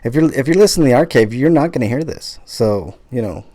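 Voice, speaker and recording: A man hosting a casual live podcast with a middle-pitched voice. He rambles, jokes and swears easily, filling gaps with "uh" and "um". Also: animated, quick pace, warm tone. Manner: loose, joking, swears casually, many fillers. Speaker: podcast host.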